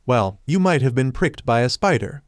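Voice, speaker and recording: A man voicing a calm, polite young woman demon slayer in a measured way. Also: mid-range voice, no echo, clean studio sound, close to an everyday voice.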